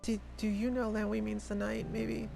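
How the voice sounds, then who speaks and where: A woman's voice: medium pitch, flat delivery, moderate pace, gravelly, over music. A woman narrating a board game, reading the story text aloud.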